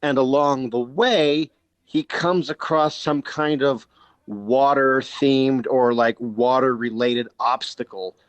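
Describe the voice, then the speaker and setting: A man's voice: medium pitch, fairly even intonation, takes it slowly, dry recording. A man co-hosting a podcast in casual chat, rambling with many fillers and searching for words. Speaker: podcast co-host.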